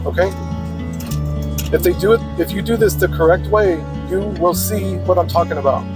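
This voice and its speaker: Guy preaching blunt in a casual monologue, cusses a lot, pretty high voice. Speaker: podcaster.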